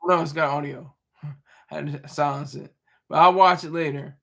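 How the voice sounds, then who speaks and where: A man hosting a live stream, answering chat in a casual, rambling way with halting restarts and self-corrections. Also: on the high side, steady tone, creaky, fairly bright tone. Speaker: livestream host reading chat.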